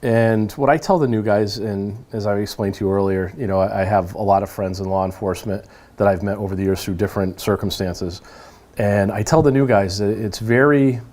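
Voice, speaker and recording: Fast-talking man telling police stories. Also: on the low side. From New England, United States. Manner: animated storyteller who acts out quoted lines. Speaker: police officer guest. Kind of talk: casual storytelling interview.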